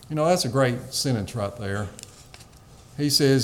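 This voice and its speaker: A man's voice: a little high, animated, measured pace. A man preaching a sermon, teaching on a psalm in an earnest, pleading way with some fillers.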